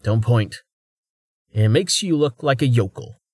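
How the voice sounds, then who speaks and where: A man voicing a cautious, uneasy young adventurer who speaks softly. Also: mid-range voice, expressive, a little slow, husky, dry recording, studio quality. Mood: tense quiet. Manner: quiet, soft-spoken.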